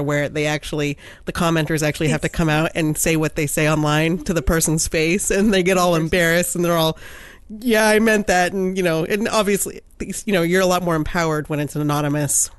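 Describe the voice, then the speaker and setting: Woman podcast co-host, halting delivery with restarts, dry close sound. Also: low-pitched, flat delivery, clean tone, dry recording. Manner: halting, restarts her sentences. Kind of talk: casual podcast interview.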